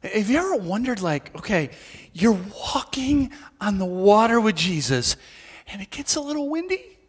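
High-voiced pastor preaching in a reverberant hall. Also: male voice, moderate pace, slightly rough. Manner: conversational, animated storytelling with acted-out quotes. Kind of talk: sermon. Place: church.

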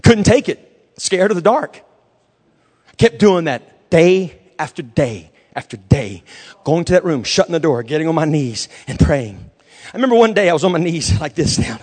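A man with a high, bright preaching voice delivers a sermon in a church. He shifts from hushed, intimate storytelling to soaring, shouted declarations, full of fervor. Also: very animated, normal speed, husky. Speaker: pastor.

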